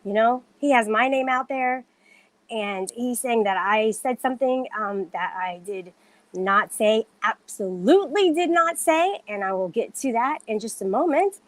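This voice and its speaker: A woman's voice: on the high side, measured pace, no room sound. A woman on a casual livestream, talking straight to viewers in an indignant, defensive way, stressing her denials.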